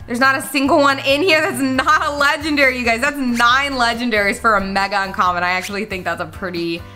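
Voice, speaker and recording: Bubbly high-voiced woman gaming host. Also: steady tone, brisk, pushed and bright. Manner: bubbly, squealing and gasping reactions, talks straight to the viewers. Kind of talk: excited game-play commentary to viewers. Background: background music.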